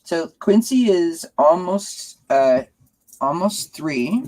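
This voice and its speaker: A woman in her forties hosting a live stream from home, chatting warmly with viewers and cooing at her cats, with lots of fillers. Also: extremely low pitch, fairly even intonation, normal speed, rough recording. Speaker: tarot channel host.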